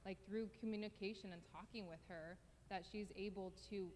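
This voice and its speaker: Young mom, calm and explanatory, with faint ambient noise behind her. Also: medium pitch, a little fast. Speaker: young mother in a video. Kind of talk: interview-style discussion.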